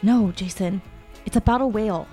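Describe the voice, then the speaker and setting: A woman's voice: mid-range voice, moderate pace, dark tone, soft background music. A woman in an improv comedy scene, speaking in a dry, exasperated way. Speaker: improv performer.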